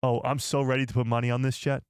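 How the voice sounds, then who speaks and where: A man hosting a live stream and reacting to a trailer, excitable and incredulous, talking straight to his chat. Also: mid-range voice, fast, smooth, dry recording, studio quality.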